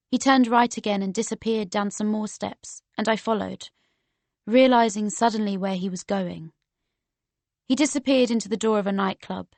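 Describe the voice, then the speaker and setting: A woman reading a first-person novel aloud as an audiobook narrator, steady and measured. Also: medium pitch, no echo.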